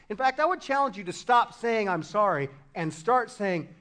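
High-voiced impassioned male preacher. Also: lively intonation, moderate pace. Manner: impassioned preaching, swinging from loud emphasis to hushed lows. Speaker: pastor. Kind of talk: sermon.

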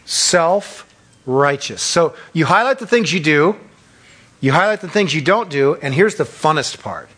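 A man preaching a sermon as pastor, acting out quick voices of the accuser and of self-righteous churchgoers. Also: fairly high pitch, slightly rough. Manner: acts out voices of Satan and churchgoers, animated.

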